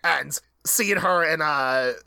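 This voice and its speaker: A young woman co-hosting a casual rewatch podcast, talking in an animated, rambling way with lots of fillers. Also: deep voice, slow, creaky, dry recording. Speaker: podcast co-host.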